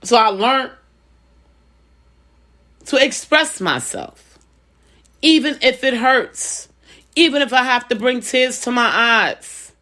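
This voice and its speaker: A woman's voice: fairly high pitch, expressive, slow, long pauses, pushed and bright. A woman in a casual vlog, giving life advice in a conversational, preaching way and often repeating phrases. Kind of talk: casual personal talk.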